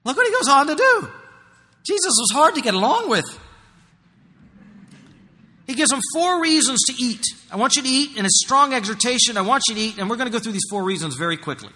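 A man preaching a sermon as pastor, emphatic, swinging between loud passages and hushed ones. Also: very high-pitched, very animated, fairly quick. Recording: long hall reverb.

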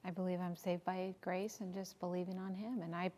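A woman playing a quiet wife in a counseling role-play, speaking softly and hesitantly. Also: on the low side, flat delivery, a little fast, lightly acted.

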